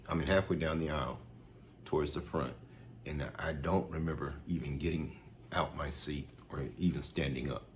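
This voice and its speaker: A man's voice: extremely low pitch, slight background noise. A man earnestly retelling a personal faith experience, repeating himself with restarts and fillers. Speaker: storyteller. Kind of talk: personal testimony storytelling.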